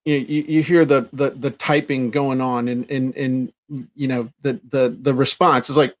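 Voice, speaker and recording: A man co-hosting a casual business chat, animated and fond of acting out the people he talks about, often restarting his sentences. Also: medium pitch, moderate pace, slight background noise. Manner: animated, acts out quoted people; frequent restarts and repeated words. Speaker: podcast co-host.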